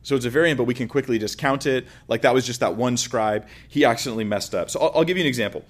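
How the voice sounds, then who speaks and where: A man's voice: medium pitch, quick pace. A man giving an informal lecture, explaining with everyday examples in a conversational way. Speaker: teacher.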